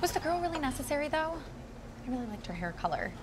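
Excitable young woman, a hitman's new sidekick played by an actress: rambling, needling, high voice that leaps all over. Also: fast, background noise. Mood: shaken, giddy. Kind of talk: web series drama acting.

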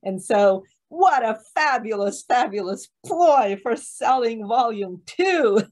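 A woman's voice: fairly high pitch, expressive, slow, darkish tone. A woman leading an online book discussion on her own, talking enthusiastically and rambling, laughing often, on a video call. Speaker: literature course leader. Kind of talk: solo online book talk.

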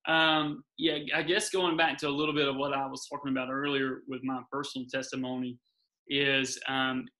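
A man's voice: medium pitch, little pitch movement, moderate pace, bright, forceful tone, low-quality recording. A man speaking as a guest in an earnest, encouraging faith talk, often repeating his key phrases.

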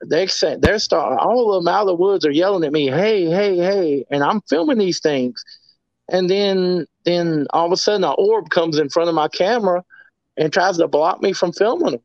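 A man's voice: high voice, normal speed, no room sound, lo-fi sound. A man telling his own stories as a guest, rambling with many restarts. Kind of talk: casual storytelling.

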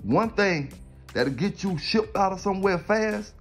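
A man's voice: high-pitched, animated, a little slow, a bit bright, faint music behind. Streetwise man, rambling vlog talk. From South Carolina. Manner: rambling, preachy, streetwise slang. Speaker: dog kennel owner. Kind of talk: casual monologue vlog.

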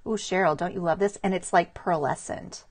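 A middle-aged woman chatting warmly on a live craft stream, admiring handmade cards and greeting viewers by name. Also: lowish voice, a little fast. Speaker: stamping demonstrator showing cards to live viewers. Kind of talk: casual live craft show-and-tell.

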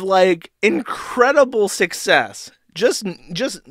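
A man's voice: fairly high pitch, moderate pace, a bit bright, no echo, studio quality. Sarcastic, profane male commentary host. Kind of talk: ranting online commentary.

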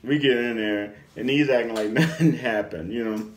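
A man telling a casual storytime anecdote in an animated way, often laughing as he talks. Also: mid-range voice, moderate pace, a little hiss or hum. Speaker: storyteller vlogger.

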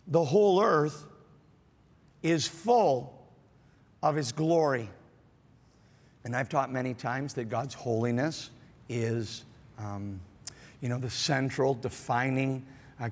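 Male pastor, gravelly, slow, halting sermon delivery, echo of a large church hall. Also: mid-range voice. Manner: slow, halting delivery with many fillers, rising to emphatic repetitions. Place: church auditorium. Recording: large hall with long reverb.

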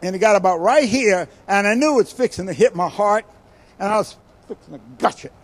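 An older man delivers a sermon as a guest preacher. His voice sits fairly high for a man, and he tells stories with sudden loud, acted-out bursts before dropping into hushed asides. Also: fairly quick. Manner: animated storytelling, acts out quoted voices with sudden loud bursts and quiet asides.

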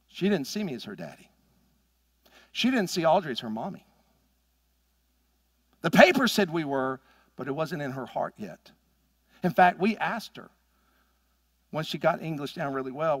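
A middle-aged pastor delivers his sermon with emphatic force, pushing his fairly high voice up into loud peaks before dropping into hushed asides. His voice sits close and dry, with almost no room sound around it. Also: expressive, normal speed, pauses often, no echo. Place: church sanctuary.

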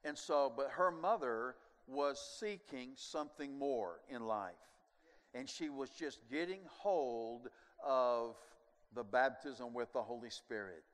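An older man preaching a sermon, telling a personal testimony as an animated storyteller who swings from hushed to loud with chuckling asides. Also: mid-range voice, takes it slowly. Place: large church sanctuary. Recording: long reverb of a large sanctuary.

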